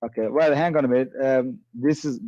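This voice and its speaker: A man's voice: mid-range voice, fairly quick, mellow, no room sound, dull audio. A man calling in to a heated religious debate, defensive and insisting on reading his sources aloud. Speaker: caller debating the host.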